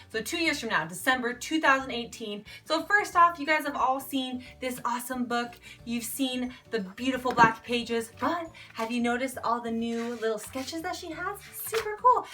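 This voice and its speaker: Woman, 20s, book vlogger; bubbly and eager, slightly high, bright and forceful tone. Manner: bubbly, enthusiastic. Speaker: book reviewer. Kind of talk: casual book review vlog.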